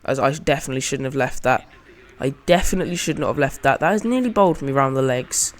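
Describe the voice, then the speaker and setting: A man's voice: medium pitch, expressive, quick pace. A man giving casual, chatty commentary over his own gameplay as a channel host, narrating each shot as he plays it.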